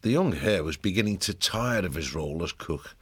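A man reading storybook narration in a steady storytelling manner. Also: low-pitched, a little fast, breathy edge.

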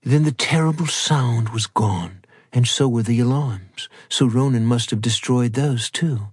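A male audiobook narrator reads a novel slowly and deliberately, with a husky, breathy edge to his mid-pitched voice. On quiet passages he sinks almost to a whisper. The sound is dry and close, with no room echo. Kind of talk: scripted narration.

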